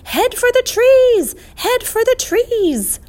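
A woman's voice: mid-range voice, moderate pace, close to an everyday voice. A woman reading the lines of a flustered, fussy old male professor in a storybook. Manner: exasperated, excitable.

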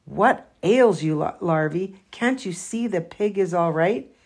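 Storybook farmer, flustered and hollering, slow delivery, read by a woman. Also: fairly low pitch, heavily acted. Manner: excited, hollering. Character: flustered male farmer, proud of his pig.

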